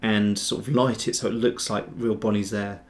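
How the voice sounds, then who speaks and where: A man's voice: fairly low pitch, flat delivery, moderate pace. A man hosting a casual livestream tutorial, rambling and chatty as he answers viewer chat while he works. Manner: rambling, chatty, trails off and restarts. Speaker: host, 3D sculptor.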